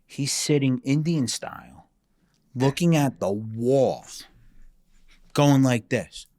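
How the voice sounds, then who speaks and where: A man tells a story in casual podcast chat, lively and profane. He slips into the dialogue as he goes, and his voice sits at an ordinary middle pitch. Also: slow. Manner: animated and profane, acts out dialogue. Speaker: podcast guest telling a ghost story.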